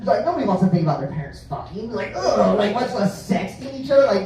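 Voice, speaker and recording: On a comedy club stage, a male stand-up comedian rambles through a profane set, often laughing at his own jokes. His voice is very high-pitched, expressive and a little fast. The echoey club is recorded from far off, with crowd noise.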